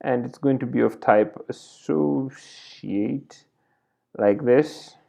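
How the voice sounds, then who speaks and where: A man's voice: mid-range voice, takes it slowly, vocal fry, warm tone, lo-fi sound. A man teaching a coding tutorial over a screen recording, thinking aloud as he types and correcting himself along the way. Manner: thinks aloud while typing, self-correcting. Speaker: programming tutor.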